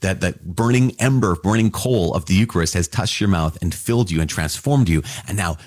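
A man teaching about scripture to a Catholic audience in an excited, marveling way, with casual asides to his listeners. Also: low-pitched, brisk, no room sound, clean studio sound. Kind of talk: enthusiastic scripture reflection.

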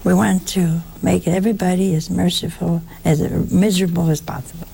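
A woman preaching a sermon in a slow style, asking the listeners rhetorical questions and breaking into animated exclamations. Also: on the low side, gravelly, slight background noise.

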